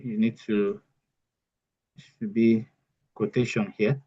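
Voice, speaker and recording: A man's voice: mid-range voice, measured pace, long pauses, highs cut off. A man teaching an online workshop step by step, repeating key phrases as he goes. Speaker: AI bootcamp instructor. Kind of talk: live online tutorial.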